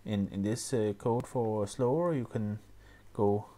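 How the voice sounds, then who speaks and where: A man explaining music software step by step, often pausing with fillers and restarting his sentences. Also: on the low side. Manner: hesitant, many fillers and restarts. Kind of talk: screen-recorded tutorial.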